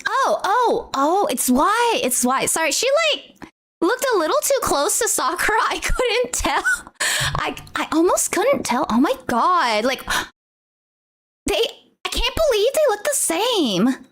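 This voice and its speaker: A woman's voice: very high-pitched, slow pace, long pauses. A woman streamer chatting casually on a livestream while unboxing merch. She gushes and exclaims often. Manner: gushing, excitable, exclaims often.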